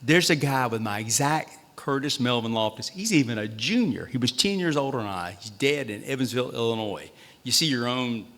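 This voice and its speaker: A man's voice: mid-range voice, lively intonation, a little fast, a bit bright. A man with a Southern accent, a state treasurer, telling humorous, self-deprecating stories at a town hall meeting. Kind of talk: storytelling speech at a town hall. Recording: long reverb in a hall.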